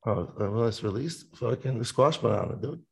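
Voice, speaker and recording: Gravelly guy rambling about his songs, swears a ton, mid pitch. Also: expressive, normal speed, a little mellow. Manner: rambling, swears a lot, sings snippets. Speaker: musician guest. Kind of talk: casual podcast chat.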